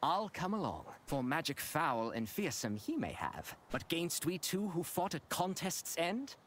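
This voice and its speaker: A gallant, loyal young game companion, speaking in slow, formal, old-fashioned lines. His voice sits fairly high and swings very widely. A faint hiss lies under the game audio. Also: wildly swooping pitch, fairly bright tone, heavily acted. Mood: resolute. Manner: formal, archaic speech.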